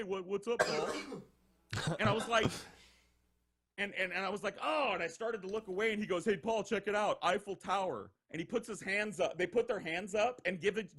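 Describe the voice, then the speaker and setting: A young man with a slightly high voice tells a wild story from his past in a loose, casual way. He swears freely and slips into quick impressions of the people he talks about, letting his voice jump up and down as he acts out each one. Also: slightly rough. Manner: animated, profane, acts out quoted voices. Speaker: podcast regular telling stories.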